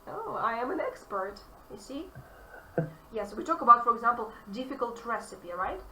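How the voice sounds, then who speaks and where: A woman English teacher with a Russian accent, explaining grammar to a student in an animated, emphatic way. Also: fairly high pitch, normal speed. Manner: animated, emphatic, repeats key phrases. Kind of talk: online grammar lesson. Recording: echoey room, distant mic, faint noise.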